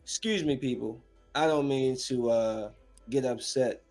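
A man's voice: medium pitch, unhurried, darkish tone, soft background music. A man in his thirties, a streamer, delivering a heated, profane, confrontational rant to his viewers. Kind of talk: angry rant to camera.

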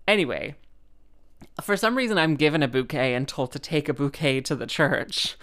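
A woman's voice: deep voice, fairly quick, fairly bright tone. A woman, a musician telling a rambling comic story, full of fillers and exasperation.

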